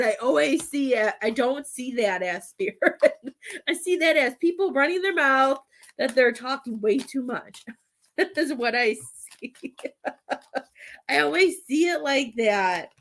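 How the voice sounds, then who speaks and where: Woman, tarot reader and medium, somewhat high voice, talkative and heartfelt, laughs a lot, gets emotional. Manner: chatty, warm-hearted, laughs often between thoughts; emotional, near tears at times. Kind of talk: live tarot reading.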